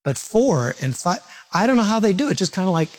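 Man, high voice, pastor, sermon, lively, quizzes congregation, self-mocking humor. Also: fairly quick. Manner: animated, questions the congregation directly. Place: church service before a congregation.

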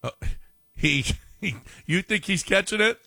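Man, sports show co-host, bright voice, expressive pitch, wry short remarks. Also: a little slow, no echo. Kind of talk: casual sports banter.

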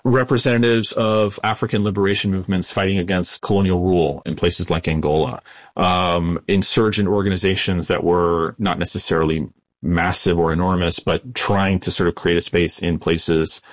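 Male academic guest, very low voice, dry close sound, measured explainer. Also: steady tone, dry recording. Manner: measured, explanatory, with frequent restarts. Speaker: guest historian. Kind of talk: interview answers.

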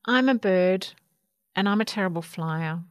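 A woman's voice: medium pitch, a little slow, no room sound, studio quality, natural voice. A woman voicing a friendly, clumsy male coot bird who bubbles and stammers a little, in a storybook reading. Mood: cheerful. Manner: bubbly, hesitant, kindly.

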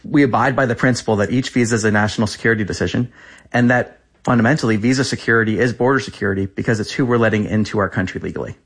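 Man in his thirties, spokesperson, rapid insistent talking points, lowish voice. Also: husky. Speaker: government spokesperson. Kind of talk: press interview answers.

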